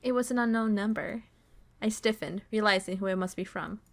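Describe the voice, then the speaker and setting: A woman streamer reads a visual novel's story text aloud in a slow, dramatic voice at an ordinary middle pitch. She stops now and then to swear and react to the story. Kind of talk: reading game text aloud with live reactions.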